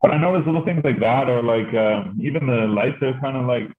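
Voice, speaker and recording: A man's voice: medium pitch, brisk. A man chatting casually, telling rambling stories full of fillers and swearing. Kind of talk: casual chat. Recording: tinny phone-like line.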